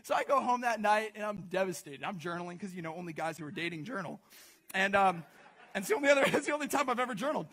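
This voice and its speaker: A man's voice: high voice, lively intonation, fast, a bit bright. A young man preaching to a congregation in a casual, joking storytelling way, full of asides and questions to the crowd. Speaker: pastor speaking to a congregation. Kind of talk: storytelling sermon.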